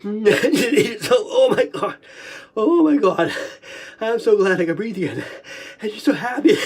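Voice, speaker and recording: A man's voice: high voice, husky. A stuffed-up, short-of-breath man talking alone, breaking into laughing fits and coughing and swearing freely. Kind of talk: rambling solo monologue. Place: kitchen.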